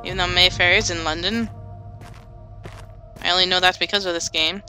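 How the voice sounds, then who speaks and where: With a lowish, steady and sharp-toned voice at a slightly fast pace, a woman comments loosely on her gameplay. She chats, mutters and hums to herself while exploring, and game music plays in the background.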